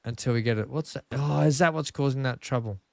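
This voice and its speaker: Speaking fast in a creaky, mid-range voice, this Australian gaming streamer commentates casually from his home room. He talks to chat as he plays a building game, moaning at his track in a joking, self-deprecating way, and there is slight background noise.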